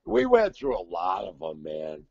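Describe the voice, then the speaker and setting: An older man, a guest singer, telling stories in a brash, profane, animated way in casual chat. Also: sits low, measured pace, vocal fry, highs cut off, crowd noise.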